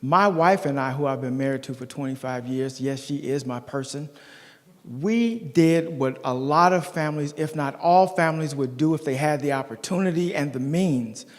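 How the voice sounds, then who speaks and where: A middle-aged man delivers a campaign speech at a community forum, leaning hard on his storytelling and calling out to the crowd. His voice sits a little high. Long reverb from the meeting hall trails every phrase. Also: moderate pace. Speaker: school board candidate.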